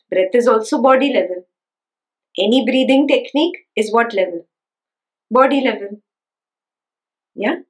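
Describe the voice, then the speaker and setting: Over a rough recording, a woman of medium pitch teaches on spiritual matters. She returns again and again to her central points, emphasizing them, and keeps checking comprehension with rhetorical questions.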